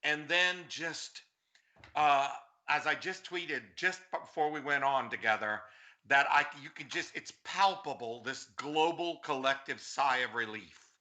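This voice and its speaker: A man's voice: on the high side, measured pace, bright, forceful tone. A man speaking as a political guest on a talk show, effusive and earnest.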